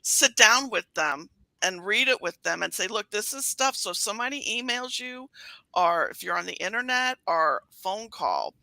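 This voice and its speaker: A woman guest chatting casually, telling animated stories and acting out quotes. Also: medium pitch, normal speed, creaky, dry recording, rough recording. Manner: animated storytelling with acted-out quotes. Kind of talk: casual chat.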